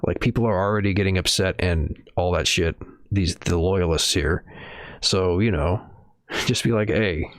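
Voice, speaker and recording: A man's voice: deep voice, moderate pace, no room sound, clean studio sound. A man streaming casual news commentary at home, rambling and swearing, with many fillers and hedges. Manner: rambling, profane, hedging with fillers.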